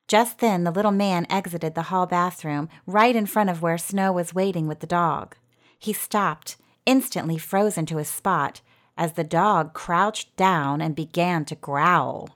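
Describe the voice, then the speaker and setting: A woman narrating a fairy tale in a gentle storytelling manner. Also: on the low side, unhurried.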